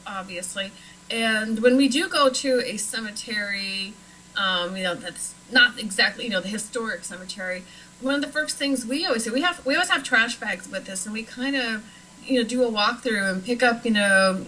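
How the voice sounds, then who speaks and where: A chatty woman from Nebraska talking casually as a guest, her voice bright and clear and filled with "you know" and "um". There is a faint hiss of noise under the recording. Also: mid-range voice, rough recording. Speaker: paranormal investigator guest. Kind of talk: casual chat.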